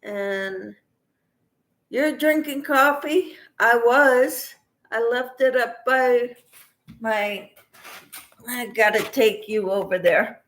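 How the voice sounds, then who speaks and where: A woman's voice: a little high, slow pace, long pauses, fairly bright tone, echoey room. A woman hosting a casual crochet livestream, chatting with viewers by name while she cooks in her kitchen. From Kansas. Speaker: crochet channel host. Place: home kitchen.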